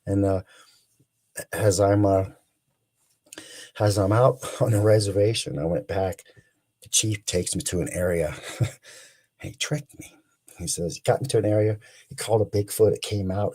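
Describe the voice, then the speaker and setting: A husky, lowish voice belongs to a man in his sixties, spinning an excited story as a guest. He rambles and restarts mid-sentence, but keeps the tale rolling. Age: 60s. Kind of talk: animated storytelling.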